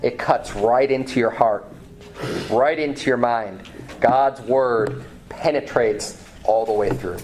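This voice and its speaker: A pastor preaching a sermon in church, reading scripture aloud with some restarts and fillers. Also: male voice, medium pitch, slow, darkish tone, slight background noise. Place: church sanctuary.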